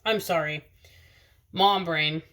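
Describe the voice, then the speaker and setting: A woman's voice: fairly low pitch, slow, fairly bright tone. A woman in her thirties, a mother of two, chatting casually to camera in a rambling way with lots of fillers and restarts. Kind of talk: casual personal vlog chat. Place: in a car, driver's seat.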